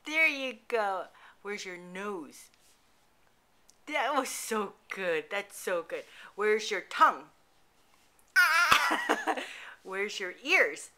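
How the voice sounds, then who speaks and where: A woman's voice: mid-range voice, sing-song, very slow, long pauses, pushed and bright. A mother at home coaxing her toddler in a sing-song, encouraging voice, recorded on a camcorder's built-in mic. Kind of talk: playful baby talk with a toddler.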